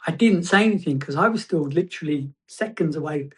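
A man sharing a personal testimony as a guest, reflective and halting, often restarting his phrases. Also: fairly high pitch.

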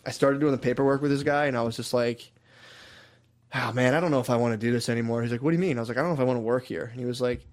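A man rattles through stories at a quick clip, slipping into other people's voices as he retells them. His pitch sits in the middle and his swearing is casual. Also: steady tone. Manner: storytelling, acts out quotes, swears a lot. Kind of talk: casual chat.

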